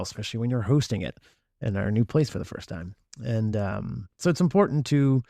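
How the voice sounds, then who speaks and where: A man hosting a podcast, talking in a reflective, unhurried way with frequent fillers and restarts. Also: fairly low pitch, darkish tone, no echo, studio quality. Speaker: podcast host. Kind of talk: casual podcast monologue.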